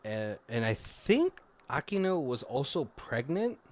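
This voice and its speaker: A man's voice: mid-range voice, sing-song, a little slow, a little mellow. A man casually recapping a movie plot on a podcast, rambling with lots of fillers and self-corrections. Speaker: podcast co-host.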